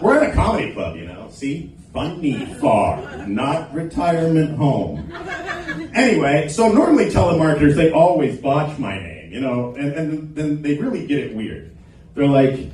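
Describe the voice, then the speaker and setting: A man's voice: a little high, very animated, moderate pace, a little mellow, a little hiss or hum. Crude male stand-up in an echoey club. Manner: crude, teasing the crowd. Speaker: stand-up comedian. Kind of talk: open mic stand-up set. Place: small comedy club stage. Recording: echoey club, recorded from a distance.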